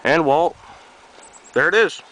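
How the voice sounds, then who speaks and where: A man's voice: fairly high pitch, expressive, slow pace, a bit bright, rough recording. A young man from New York with a slight Southern tinge, a little sick, rambling offhandedly outdoors in the cold while showing his truck to a handheld camera. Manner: offhand, rambling, swears casually. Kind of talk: casual rambling walkaround.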